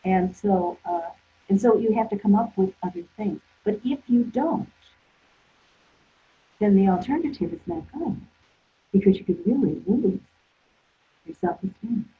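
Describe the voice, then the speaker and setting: Over a tinny, phone-like line, a woman therapist guest with a husky, animated mid-range voice rambles through her stories at an unhurried pace. She pauses often and is full of fillers and restarts as she chats.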